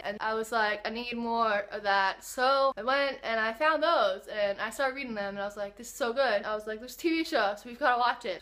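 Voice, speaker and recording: A young woman vlogger chatting casually and excitably to her viewers, gushing about her favourite shows. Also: on the high side. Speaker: book and TV vlogger. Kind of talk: casual vlog chat.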